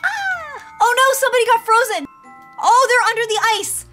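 High, lively woman gushing over gameplay. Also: normal speed, faint music behind. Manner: excitable, gushing running commentary. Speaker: gaming video host. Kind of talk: gameplay commentary.

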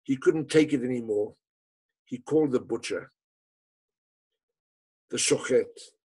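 Male lecturer-storyteller, husky voice, dramatic and emphatic, average pitch. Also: measured pace, poor audio. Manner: dramatic, emphatic storytelling with falling, hushed phrase endings. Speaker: speaker telling a story to an audience.

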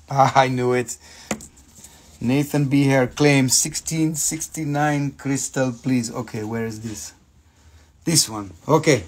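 A man's voice: mid-range voice, fairly even intonation, slow, slight background noise. An American man hosting a live mineral sales stream, joking and casual, talking into a phone. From grew up near Washington, D.C. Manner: playful, jokey, swears casually.

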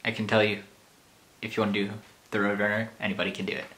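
A man's voice: fairly low pitch, little pitch movement, fast talker, a bit bright. A young man hosting his own vlog, nervous and giggly, apologizing for his impressions. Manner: nervous, giggly, self-deprecating. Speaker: channel host. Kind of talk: casual vlog.

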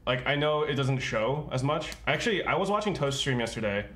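A man's voice: mid-range voice, animated, a little fast, a bit bright. A man talking earnestly on a livestream, rambling with lots of fillers. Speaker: streamer. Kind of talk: casual stream chat.

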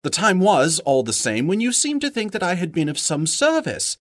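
A man's voice: wildly swooping pitch, normal speed, no echo, studio quality. A man voicing a small, fussy and polite male hobbit in a raised, fluttery voice. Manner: fussy, polite, higher-pitched. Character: small frightened but plucky male hobbit.

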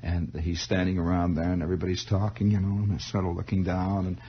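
A man telling a long story on the radio in an improvised monologue, rambling and halting, with many restarts. It is a 1960s radio broadcast. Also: sits low, little pitch movement, breathy edge, dull audio.

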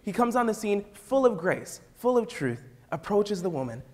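A man's voice: high voice, sing-song, normal speed, a little mellow. A man with a Midwestern American accent, a youth pastor preaching a sermon and telling the story with acted-out voices.

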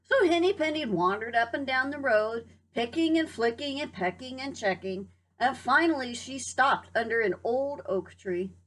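Breathy, lively woman reading aloud. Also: fairly high pitch, normal speed, hardly any pauses. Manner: lively, expressive storytelling. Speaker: preschool teacher. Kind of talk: reading a picture book aloud.

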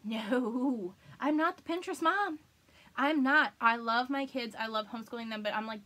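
A woman's voice: fairly high pitch, normal speed, bright, forceful tone. A woman in her thirties hosting a live crafting video, chatting casually and laughing often. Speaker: crafting livestream host.

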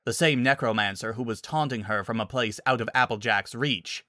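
A man narrating a dramatic story reading in an animated way. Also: mid-range voice, moderate pace, dry recording, studio quality.

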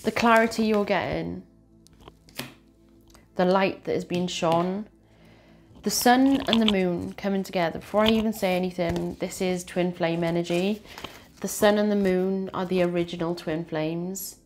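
A woman's voice: fairly low pitch, steady tone, normal speed, a little mellow, faint music behind. A woman doing a tarot card reading, talking in an earnest, emotional way and repeating her phrases. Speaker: tarot reader.

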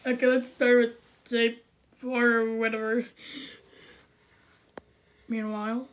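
A woman's voice: on the high side, flat delivery, slow pace, long pauses. A woman hosting a scary-video reaction, jumpy and stammering, with gasping exclamations. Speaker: reaction channel host. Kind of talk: scared reaction commentary.

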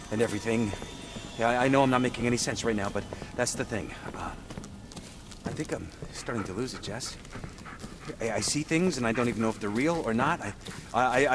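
An actor playing a troubled man who talks gently to his dog and stammers when shaken. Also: mid-range voice, animated, a little fast, long pauses, background noise, natural voice. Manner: hesitant, stammering.

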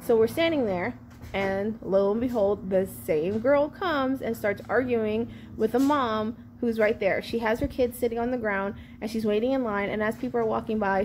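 A woman in her thirties, a vlogger telling a sassy, animated storytime about an outing with her kids. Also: mid-range voice, a little hiss or hum. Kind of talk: storytime vlog.

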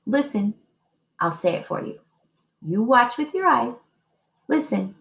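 A woman music teacher giving a lesson to young children, speaking slowly and patiently and chanting rhythm syllables. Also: a little high, lively intonation, vocal fry, a bit bright, echoey room.

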